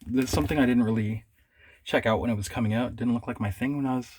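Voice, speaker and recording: A man chatting casually about his comic pickups, rambling and trailing off softly. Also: mid-range voice, steady tone, fast, husky, no echo. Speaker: comic collector vlogger. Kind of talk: casual chat reading comics aloud.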